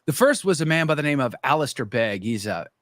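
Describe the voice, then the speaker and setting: A man's voice: mid-range voice, brisk, no room sound, studio quality. Man telling his story animatedly. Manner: animated storyteller, acts out his own past thoughts. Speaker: guest. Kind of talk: conversion story told in casual conversation.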